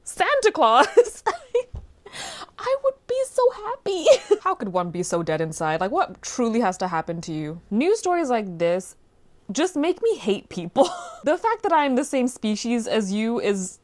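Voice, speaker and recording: A woman giving exasperated, animated commentary on a news story, her voice dropping low and then rising into loud outbursts. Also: normal speed. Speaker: commentary vlogger.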